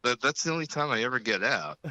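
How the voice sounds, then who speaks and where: A man's voice: mid-range voice, lively intonation, fast, bright, forceful tone, muffled recording. A man guesting on a chat show who rambles with lots of fillers, talking from his workplace. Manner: rambling, filler-heavy, self-deprecating. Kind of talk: casual chat. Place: at work.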